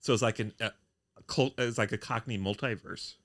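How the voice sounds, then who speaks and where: A man's voice: on the low side, steady tone, brisk. A man co-hosting a casual chat about an old TV show, retelling scenes with dry humor. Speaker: podcast co-host.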